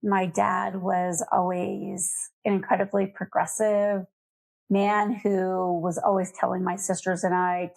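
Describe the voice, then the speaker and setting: A middle-aged woman from Colorado, a guest on an interview, telling candid, lively stories from her life. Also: mid-range voice, creaky. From Colorado, USA. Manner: candid, lively anecdotes with laughter. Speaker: guest, nonprofit foundation CEO. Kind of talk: conversational storytelling.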